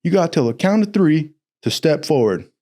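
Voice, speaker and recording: A man's voice: a little high, sing-song, normal speed, warm tone, pitched above the performer's own voice. A man voicing a short-tempered male navy chief who barks profane orders at recruits. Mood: threatening. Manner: barking, profane, commanding.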